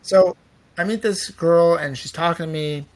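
A man's voice: a little high, moderate pace. A man in his thirties from Canada, telling rambling, self-deprecating anecdotes in casual chat.

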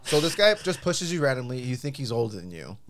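A man's voice: mid-range voice, sing-song, quick pace, slight background noise. A man hosting a casual chat, curious and profane, asking questions and laughing along.

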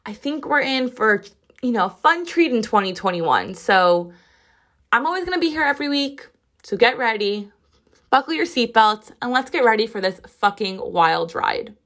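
With a medium-pitched, somewhat bright voice and lively intonation, a woman in her twenties tells a story on her podcast at normal speed. It's a casual solo monologue, packed with "like" and profanity.

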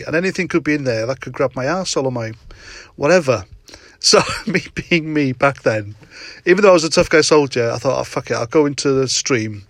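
A man's voice: medium pitch, no room sound. A middle-aged man hosting a casual solo podcast from his parked car at night, telling a story with frequent laughs and swearing. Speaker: podcast host.

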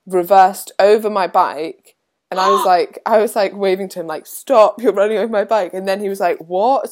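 A young adult woman co-hosting a casual podcast, telling stories in a chatty way with lots of "like". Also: lowish voice. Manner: chatty, lots of "like", animated retelling. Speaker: podcast co-host. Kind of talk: casual chat, storytelling.

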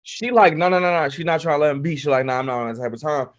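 Guy chatting on a podcast, slangy, acts out everybody in his story, voice a bit high. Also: very fast, muffled recording. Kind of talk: casual chat, storytelling.

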